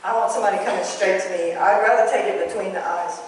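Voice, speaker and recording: A woman giving a motivational talk on basketball officiating, telling lively stories and turning to the audience. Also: medium pitch, fast. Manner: storytelling, animated, with asides to the audience. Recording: echoey hall, voice from far off, faint room noise.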